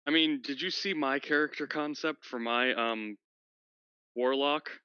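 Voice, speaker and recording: A man chatting with fellow tabletop players in a joking, animated way. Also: medium pitch, unhurried, clean tone, no room sound, lo-fi sound. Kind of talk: casual chat between players.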